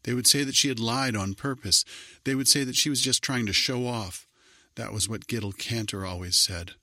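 A man narrating a children's story in an even, measured reading voice. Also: medium pitch, no room sound, studio quality.

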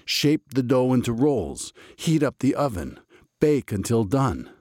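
A man's voice: medium pitch, very animated, unhurried, darkish tone, no room sound, studio quality, voice pushed up. A man voicing an exasperated, bossy master baker in a storybook reading, talking in an insistent, emphatic way.

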